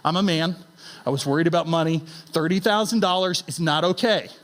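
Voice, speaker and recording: A middle-aged man giving an inspirational stage talk, emphatic and animated, asking the audience rhetorical questions. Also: on the high side, a little fast. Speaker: founder and CEO giving a conference talk. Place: conference stage.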